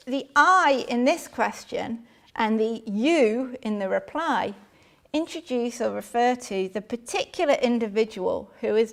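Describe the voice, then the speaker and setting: Woman lecturing in a gravelly voice. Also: fairly high pitch. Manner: measured, reads out quotations. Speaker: philosophy lecturer. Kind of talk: academic lecture. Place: lecture hall.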